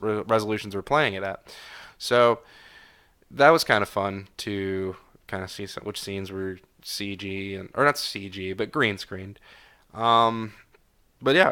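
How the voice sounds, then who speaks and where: Bright, clear-voiced rambling podcast man. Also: fairly low pitch. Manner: rambling, frequent fillers and self-corrections. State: tired. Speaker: podcast host. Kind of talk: casual solo review chat.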